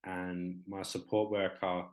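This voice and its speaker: A man's voice: deep voice, level tone, slow pace, low-quality recording. A man in his twenties with an Australian accent, a talk show guest speaking candidly and rambling with many fillers. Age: 20s.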